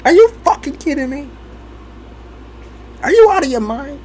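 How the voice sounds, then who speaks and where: A man imitating his exasperated, sharp-tongued grandmother scolding him in a shrill, incredulous voice. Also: big pitch swings, normal speed, a little hiss or hum.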